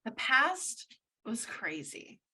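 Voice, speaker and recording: Woman co-host, bright and lively, wry quick remarks. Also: a little high, breathy edge. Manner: wry interjections. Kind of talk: casual chat.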